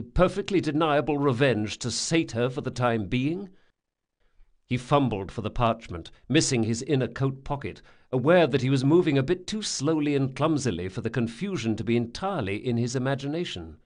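A man reading an audiobook in a dramatic, expressive way. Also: mid-range voice. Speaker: audiobook narrator. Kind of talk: scripted audiobook narration.

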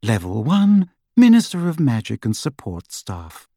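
A man's voice: mid-range voice, wildly swooping pitch, a little slow, mellow, no room sound, studio quality, full character voice. A man reading an audiobook, voicing the formal, disembodied female announcer of a magical lift.

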